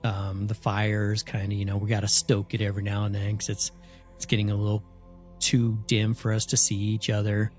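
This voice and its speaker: A man telling a spooky story in a casual, animated way, often acting out the voices of the people in it. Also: on the low side, normal speed, soft background music. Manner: animated, acts out voices in his stories.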